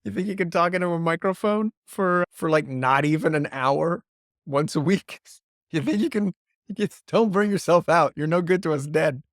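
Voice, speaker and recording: An incredulous working man who needles and scoffs in a raised, pushy voice, as a man puts him on. His mocking questions ride high and loud. The sound is close and dry. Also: normal speed, dry recording, natural voice. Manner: teasing, incredulous.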